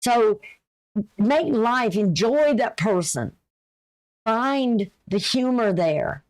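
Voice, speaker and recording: A woman with a rather high, expressive, darkish voice speaks very slowly as she gives a casual, folksy astrology reading. An astrology and tarot reader, she's chatty and full of advice, and she has a runny nose.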